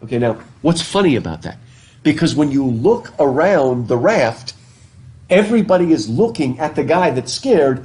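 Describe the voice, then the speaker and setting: A man gives a chatty literature lecture in a classroom, questioning his students and restarting sentences with repeated words. His voice is medium-pitched, animated, and mellow, at a normal speed. It was captured live through a face mask.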